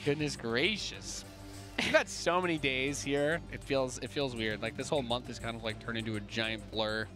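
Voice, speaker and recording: An excitable man calling a strategy game tournament, bouncing between play-by-play and jokes. His pitch sits in an ordinary middle range, with a faint bed of music underneath. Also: moderate pace. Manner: excitable, jokey banter. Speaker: esports caster. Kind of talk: play-by-play commentary.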